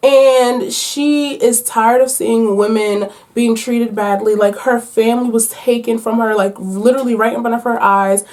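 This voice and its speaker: A woman's voice: fairly high pitch, unhurried, hardly any pauses. A woman book vlogger chatting casually and playfully with her viewers about her reading picks. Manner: chatty, animated, playful slang. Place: at home.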